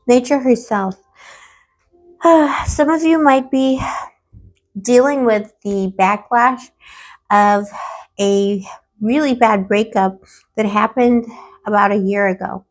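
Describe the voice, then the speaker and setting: Hoarse woman giving an affectionate tarot reading. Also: on the high side, takes it slowly, pauses often. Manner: affectionate, calls the viewer boo-boo and baby; dramatic, playful asides. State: hoarse, losing her voice. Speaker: tarot reader.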